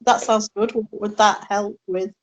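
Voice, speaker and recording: A woman's voice: mid-range voice, fairly even intonation, unhurried, rough recording. A woman playing a tabletop game, hesitant, with many ums and restarts as she thinks aloud. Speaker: player. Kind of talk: casual tabletop play.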